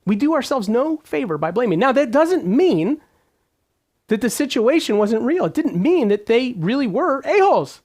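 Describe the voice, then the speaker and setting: A man's voice: extremely high pitch, big pitch swings, normal speed, a little mellow. A man giving a motivational business talk, emphatic and fond of repeated phrases and rhetorical questions. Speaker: business coach.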